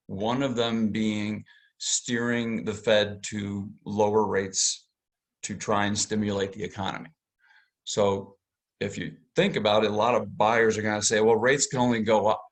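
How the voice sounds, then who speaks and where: A lower-pitched man speaks into a computer mic on a video call. He is a mortgage lender walking realtors through how rates work, and he explains at length with plenty of fillers and restarts. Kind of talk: webinar presentation.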